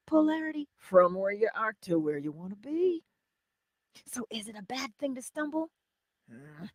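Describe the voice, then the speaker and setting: Woman host, inspirational livestream teacher: husky, very animated pitch, whispered asides, dry close sound. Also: unhurried, no room sound. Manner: animated, drops to whispered asides, chuckles often; speaks straight to the viewers, answers chat comments. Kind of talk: live-streamed inspirational teaching.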